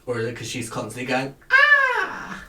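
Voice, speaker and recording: A man hosting a casual chat show, talking with hesitant pauses and fillers. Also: mid-range voice, expressive, a bit bright. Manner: chatty, hesitant, lots of fillers. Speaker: podcast host reviewing a TV show. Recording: echoey room.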